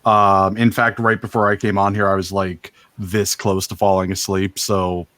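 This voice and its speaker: Man, deadpan jokes, middle pitch, dry close sound, video call. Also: moderate pace, dry recording. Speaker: podcast guest. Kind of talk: casual video call chat.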